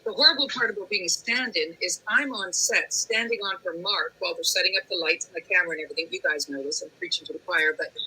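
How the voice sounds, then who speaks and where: A woman actor chatting on a fan panel, telling anecdotes with animated quoted voices. Her voice is very bright and a little husky. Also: lowish voice, fast talker, hardly any pauses, poor audio. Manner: animated storyteller acting out quotes. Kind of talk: casual panel chat.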